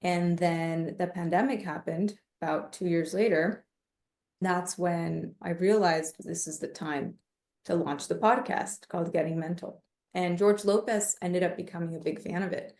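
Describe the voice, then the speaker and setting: Animated woman storyteller, lowish voice. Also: unhurried, roomy sound. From United States. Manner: animated, acts out quoted voices in her stories. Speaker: podcast guest, comedian and mindfulness coach. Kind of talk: casual interview storytelling.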